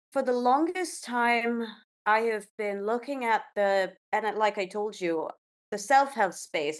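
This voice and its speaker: Chatty woman from India, podcast guest. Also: medium pitch. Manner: rambling, chatty, conversational. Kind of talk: casual conversational interview.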